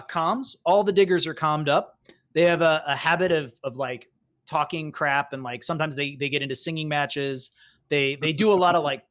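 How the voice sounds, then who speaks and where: Chatty, higher-voiced male game master. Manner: rambling, filler-heavy, animated. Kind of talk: narrating a tabletop game.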